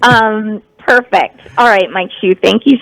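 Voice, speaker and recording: Funny new woman on the phone with a radio host, gravelly, cracking jokes. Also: mid-range voice, measured pace, fairly bright tone, no echo, low-quality recording. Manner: joking, playful, laughs often. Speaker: comedian guest. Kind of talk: casual radio chat.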